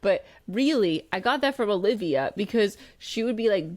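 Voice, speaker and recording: A young adult woman co-hosts a podcast, chatting casually and telling stories as she acts out the quotes with animation. Her voice sits in the mid range and she speaks at a moderate pace.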